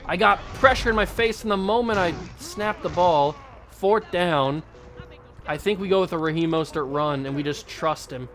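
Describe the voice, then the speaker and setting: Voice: medium pitch, moderate pace, fairly bright tone. A young adult channel host giving exasperated, venting play-by-play commentary over a football video game.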